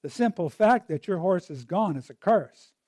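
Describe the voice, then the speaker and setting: A man's voice: high voice, lively intonation, normal speed, darkish tone, dry recording. A man voicing a crowd of scornful villagers who lecture an old neighbor. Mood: indignant. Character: scoffing village crowd of men and women.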